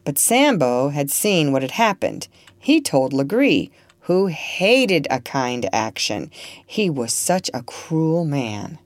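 A woman's voice: low voice, a little mellow, no room sound. A woman reading a storybook aloud, acting out the characters with expression. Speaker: narrator.

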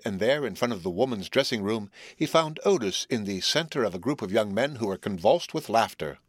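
A man reading a story aloud as narrator, in a measured, even way. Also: on the low side, dry recording, clean studio sound. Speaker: audiobook narrator. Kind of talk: scripted narration.

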